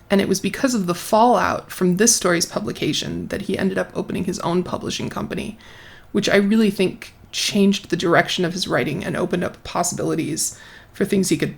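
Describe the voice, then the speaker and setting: A woman host with a gravelly voice, hoarse from bronchitis, giving a wry book review commentary. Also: fairly low pitch. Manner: wry, dryly sarcastic.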